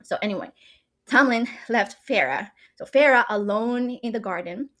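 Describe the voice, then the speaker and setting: A woman's voice: a little high, moderate pace, fairly bright tone. A woman casually retelling a novel's story, full of fillers and rhetorical questions. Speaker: book recap creator.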